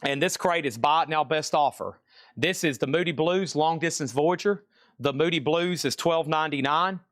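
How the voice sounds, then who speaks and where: Casting: male live-sale host, slightly higher voice, quick auction patter, dry close sound. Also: fairly bright tone, no room sound. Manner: brisk, apologetic, listing items and prices.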